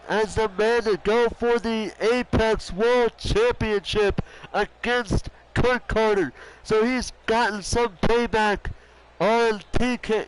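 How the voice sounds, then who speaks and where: A young man calling wrestling play-by-play, animated and cursing freely, shouting at the big moments. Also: high voice, slight background noise, poor audio. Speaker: commentator. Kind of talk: excited wrestling play-by-play commentary.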